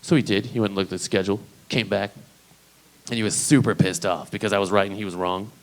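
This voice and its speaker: A man's voice: on the low side, fairly even intonation, fast, rough recording. A man doing a stand-up comedy set, talking in a rambling, profane, conversational way.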